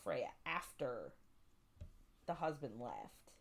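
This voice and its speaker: A woman's voice: rumbling low, very animated, takes it slowly, vocal fry, slightly rough. A woman co-hosting a casual book podcast, retelling the plot in a rambling way full of "like" and "um". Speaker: podcast co-host.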